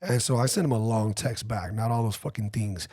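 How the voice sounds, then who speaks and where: Animated man telling a story on a podcast. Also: on the low side, a little fast, breathy edge, dry recording. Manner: animated, swearing, mimics texts. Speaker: podcast host. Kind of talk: casual chat, storytelling.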